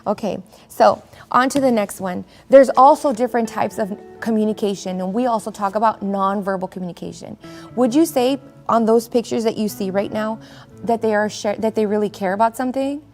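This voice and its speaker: A woman's voice: mid-range voice, fairly quick, a little mellow, soft background music. A woman presenting a conference session on conflict resolution, chatting to her audience and checking in with "right?". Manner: conversational, keeps asking the audience "right?". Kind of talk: virtual conference talk. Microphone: video call.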